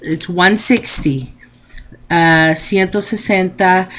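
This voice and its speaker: A woman Spanish teacher, explaining a lesson slowly and patiently and repeating each phrase. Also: mid-range voice, fairly bright tone, lo-fi sound. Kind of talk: recorded classroom lesson.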